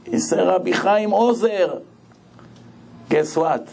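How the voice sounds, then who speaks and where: A rabbi preaching a sermon, telling stories in an animated way and repeating phrases for emphasis. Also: male voice, sits high, slow, gravelly. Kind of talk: sermon with storytelling.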